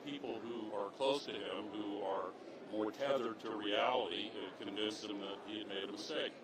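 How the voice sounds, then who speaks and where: Man, former politician, news interview, slow and deliberate, lowish voice, crowd noise behind. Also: rough recording.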